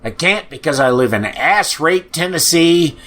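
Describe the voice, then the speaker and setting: A man's voice: on the high side, expressive, a little slow, pushed and bright, faint music behind. A man hosting a podcast, ranting in an angry, profane way with frequent sighs, sounding depressed. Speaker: podcast host. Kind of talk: ranting monologue.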